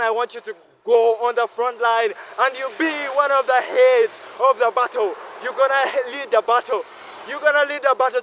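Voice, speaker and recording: A man's voice: very high-pitched, fairly bright tone, slight background noise. A man from Uganda, vlogging in an impassioned, repetitive monologue full of questions. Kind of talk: impassioned self-talk monologue.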